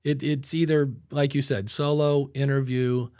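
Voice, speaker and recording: A man hosting a podcast in casual chat, animated and talking into a mic with headphones, sometimes acting out voices. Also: mid-range voice, measured pace, clean tone, no room sound, studio quality. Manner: animated, demonstrates voices with sudden loud bursts. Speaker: podcast host. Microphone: studio mic with headphones.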